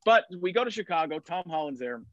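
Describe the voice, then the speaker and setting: A man's voice: on the high side, big pitch swings, quick pace, fairly bright tone, no room sound. Rambling middle-aged man, dull sound. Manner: rambling storyteller with many restarts and fillers. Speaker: podcast guest. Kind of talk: casual chat.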